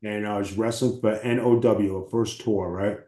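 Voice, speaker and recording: A man, a former wrestler, telling profane, animated stories as an interview guest. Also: on the low side, moderate pace, reverberant. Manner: animated, profane storytelling with acted quotes. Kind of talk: casual storytelling.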